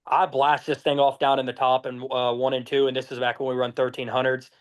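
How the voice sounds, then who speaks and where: A young man from Georgia, telling profane, lively race stories as a podcast guest. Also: medium pitch, a little fast. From Georgia, USA. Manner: profane, lively anecdotes with acted-out dialogue. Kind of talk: casual storytelling.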